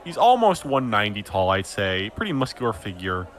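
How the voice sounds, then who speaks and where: A man's voice: lowish voice, very animated, brisk, fairly bright tone. A man narrating as game master of a tabletop game, in casual, rambling, improvised descriptions.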